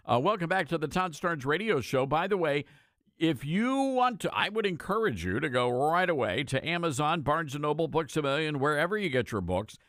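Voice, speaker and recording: A man's voice: medium pitch, fairly bright tone, dry recording. Folksy radio host man, dry studio sound. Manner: casual, folksy, halting with fillers. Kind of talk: conservative talk radio chat.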